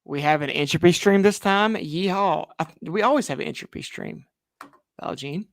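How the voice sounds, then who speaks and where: Gravelly man with wry deadpan. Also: high voice, brisk. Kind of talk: casual chat reading donations.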